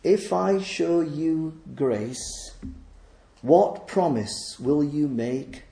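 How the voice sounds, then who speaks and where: Gracious old queen, quiet and measured, as told by a man, roomy hall. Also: sits low, exaggerated voice. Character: calm, gracious queen of old, older woman.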